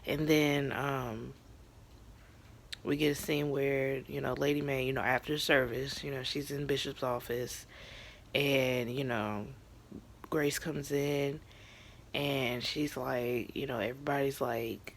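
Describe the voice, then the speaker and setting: Here a young TV reviewer walks through an episode slowly, in a steady mid-range voice with noticeable vocal fry. It's a casual vlog recap, emotional and chatty, sprinkled with fillers and whispered side comments.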